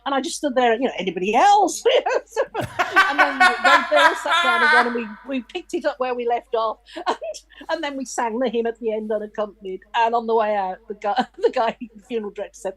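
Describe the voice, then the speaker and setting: Lively woman telling stories. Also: fairly high pitch, brisk. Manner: lively storyteller who acts out the people in her stories. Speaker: guest. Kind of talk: casual chat, telling stories. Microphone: video call.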